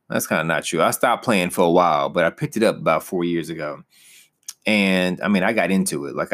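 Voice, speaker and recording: A young man teaching as a pastor in an earnest, personal way, rising with emphasis on key points. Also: sits low. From United States.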